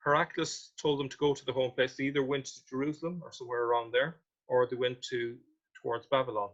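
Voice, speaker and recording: A man's voice: mid-range voice, a bit bright, dull audio. A man presenting a history talk with slides, reading out old quotations and questioning what they mean. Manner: reads quotations aloud, then questions them.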